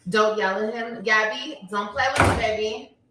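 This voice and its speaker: A woman's voice: medium pitch, steady tone, normal speed, fairly bright tone. A woman, talking bluntly and emphatically on a casual livestream. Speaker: livestreamer, mother. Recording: echoey room.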